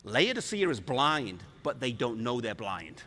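A man preaching a sermon in an animated way, acting out scripture with voices. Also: mid-range voice, a little slow, soft background music. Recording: reverberant hall.

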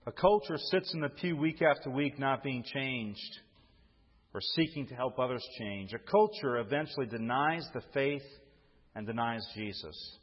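A man's voice: mid-range voice, normal speed, breathy edge. A male pastor preaching a sermon to his congregation, calling for responses and repeating phrases as he goes. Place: church sanctuary. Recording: long hall reverb, dull muffled sound.

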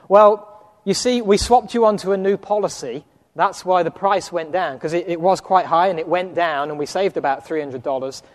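A man with an English accent preaching a sermon, telling personal stories and acting out the dialogue with frequent chuckles. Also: high-pitched. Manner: storytelling, chuckles often, acts out dialogue. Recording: long hall reverb.

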